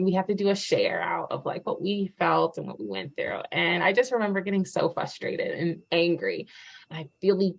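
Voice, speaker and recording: Candid woman telling her own story, low gravelly voice, lots of ums. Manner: candid, filler-heavy, rising to animated retelling. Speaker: testimonial speaker. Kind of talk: personal testimony.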